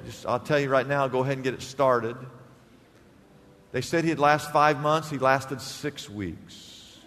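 A man's voice: medium pitch, unhurried, a little hiss or hum. Storytelling male pastor in a reverberant hall. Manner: storytelling preacher, swings between loud and hushed. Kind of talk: sermon. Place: church sanctuary.

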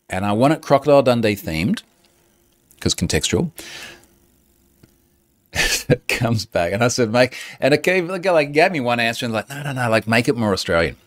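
Lively, sardonic low-voiced man. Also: no echo. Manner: sardonic, animated, often laughing. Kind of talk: casual chat.

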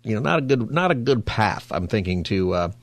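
A male radio host with a lowish voice, talking fast and loosely. He rambles through the news with playful asides. The studio sound is dry and close. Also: very animated, no room sound. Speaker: radio talk show host. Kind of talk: casual radio talk. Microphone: studio microphone.

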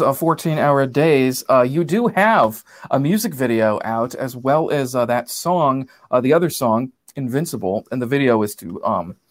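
An interview host asks the questions. The delivery is halting, full of fillers and restarts. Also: medium pitch.

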